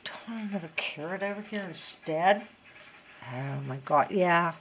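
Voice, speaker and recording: A woman's voice: on the low side, normal speed, fairly bright tone, a little hiss or hum. A woman in a casual DIY craft tutorial, chatty and giggly and talking to herself as she works.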